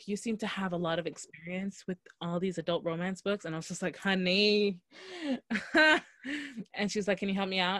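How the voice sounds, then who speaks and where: A woman's voice: mid-range voice, dry recording. Chatty woman telling a funny story. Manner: animated, laughing, acts out quotes. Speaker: podcast co-host. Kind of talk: casual storytelling chat. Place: Los Angeles.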